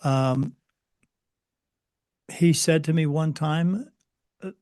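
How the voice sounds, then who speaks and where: A man's voice: on the high side, very slow, a little mellow, dry recording. Hesitant man with a dry close sound. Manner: hesitant, many fillers and restarts. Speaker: interview guest. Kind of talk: recounting personal spiritual experiences.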